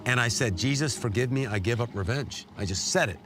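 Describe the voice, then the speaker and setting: A middle-aged man giving an earnest, emotional personal testimony as an interview guest, his pitch jumping up when he is moved. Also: a little fast, few pauses, over music. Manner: emotional, earnest storytelling with sudden rises in pitch. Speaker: guest telling a war story.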